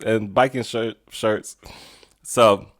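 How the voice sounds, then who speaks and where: A man's voice: fairly low pitch, fairly even intonation, slow, fairly bright tone. A man hosting a podcast, telling rambling stories in a casual way and laughing often. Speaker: podcast host. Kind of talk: casual storytelling monologue.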